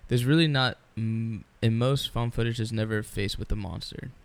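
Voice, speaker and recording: A man's voice: medium pitch, moderate pace. A man co-hosting a podcast in casual chat, jumping in often. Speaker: podcast co-host.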